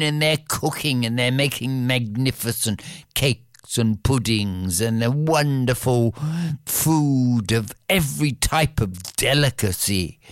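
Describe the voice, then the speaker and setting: A storyteller spinning a fairy tale with expressive, playful delivery and repeated phrases. The voice swoops widely up and down and moves at an unhurried pace. It sounds dry and close, with no room around it. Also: mid-range voice, dry recording.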